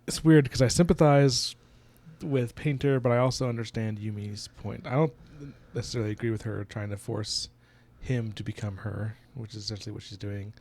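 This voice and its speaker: A man's voice: lowish voice, moderate pace, gravelly, a little mellow, dry recording. A man co-hosting a book podcast, retelling the plot at length in casual chat. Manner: retells the plot at length, acting out characters' lines.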